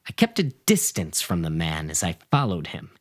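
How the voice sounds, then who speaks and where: A man reading a dark first-person story aloud in a theatrical way, playing up the narrator's rage. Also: low-pitched, wildly swooping pitch, moderate pace. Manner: theatrical, swings into shouting for quoted rage.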